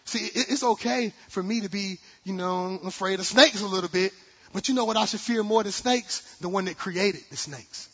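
Animated preacher in a big echoing hall. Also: male voice, high-pitched, normal speed, husky. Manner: animated preaching with acted quotes and humor. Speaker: pastor. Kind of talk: sermon. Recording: dull sound in a large reverberant hall.

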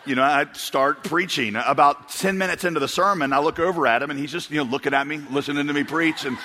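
A man's voice: a little high, fast talker, pushed and bright, slight background noise. A male pastor preaching a sermon, telling funny stories in a rambling, chuckling way. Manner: rambling storyteller, chuckles and restarts. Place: church auditorium. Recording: long reverb of a large hall.

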